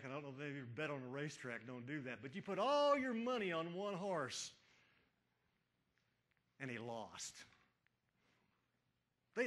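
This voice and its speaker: A pastor delivers an Easter sermon from a church pulpit, his voice set fairly high for a man. He builds to urgent runs of rising questions, then sinks to hushed single words. He speaks directly to the congregation throughout. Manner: preaching with rising emphatic questions and hushed drops. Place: church sanctuary.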